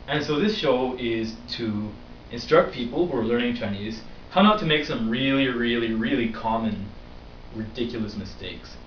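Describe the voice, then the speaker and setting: A young man hosts a vlog, telling a story in a loose, rambling, animated way packed with fillers. His voice sits in the mid range at a moderate pace. The recording is dull and roomy, captured from a distance, with slight background noise.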